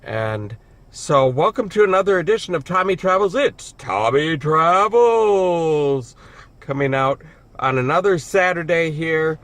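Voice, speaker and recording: A man hosts a casual travel vlog out and about in a city neighborhood and a bar, chatty and self-deprecating, with hesitant restarts. Recorded on a camera mic, his voice is on the high side and a bit bright, with lively intonation at a normal speed.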